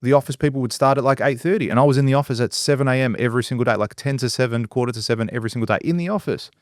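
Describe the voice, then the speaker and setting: A man, a construction business owner and co-host, talks bluntly with plenty of swearing and acts out other people in lively voices during a casual podcast chat. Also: medium pitch, very fast, no echo, clean studio sound.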